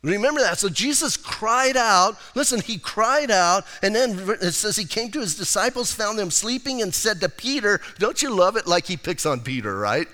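Animated American pastor, bright tenor. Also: male voice, sits high, moderate pace, few pauses. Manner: conversational, animated preaching with acted-out quotes. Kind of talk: sermon. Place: church sanctuary. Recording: reverberant church hall recording.

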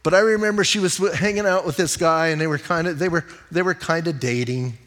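A man's voice: a little high, fast talker, a bit bright. A middle-aged male pastor preaching a conversational sermon, mixing jokes and stories with teaching. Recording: long hall reverb.

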